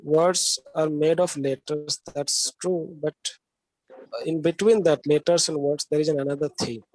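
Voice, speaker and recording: A man's voice: on the high side, fairly even intonation, measured pace, a little mellow, no echo, poor audio. A man with an Indian English accent giving a classroom lecture, often checking in with students and asking them questions. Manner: talks with frequent "okay?" checks and questions to students.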